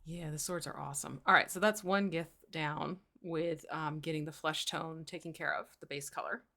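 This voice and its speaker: A woman co-hosting a casual painting livestream, lively and jokey with bursts of laughter. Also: low voice, moderate pace, creaky. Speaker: co-host learning mini painting.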